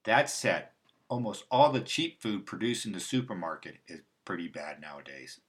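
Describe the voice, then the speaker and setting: A man's voice: low voice, sing-song, moderate pace. A man hosting a casual livestream, talking in a loose, rambling way with restarts and asides. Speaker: host. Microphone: livestream mic.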